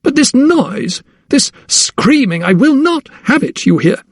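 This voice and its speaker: Man doing a high, cold imperious Georgian lady, barks orders, audiobook. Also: big pitch swings, moderate pace, gravelly, darkish tone, slightly rough, no echo, studio quality, heavily acted. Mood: cold fury. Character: cruel haughty Georgian lady of the house.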